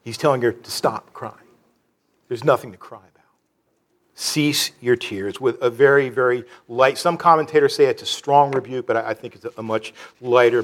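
A man preaching a sermon in an earnest, halting way, with many restarts and fillers. He drops low and soft on sorrowful phrases. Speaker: pastor.

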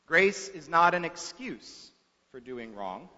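A man's voice: fairly high pitch, big pitch swings, exaggerated voice. A man doing a solemn school principal. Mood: firm. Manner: measured and solemn, sometimes hushed. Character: calm, stern older male school principal. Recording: echoey hall, dull lo-fi sound.

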